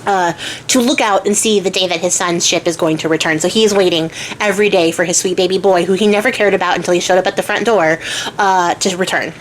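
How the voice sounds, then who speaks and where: A woman's voice: on the low side, fairly even intonation, fast talker, a little hiss or hum. A young woman retelling a myth casually as a craft channel host, chatty and slangy, often stopping to hunt for words. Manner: chatty, slangy, self-interrupting.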